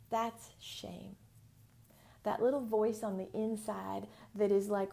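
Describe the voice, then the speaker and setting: Feisty American woman with a gravelly voice. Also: medium pitch, level tone, takes it slowly, warm tone. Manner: frank, feisty, uses slang and swearing. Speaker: business mentor. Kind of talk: casual live teaching talk.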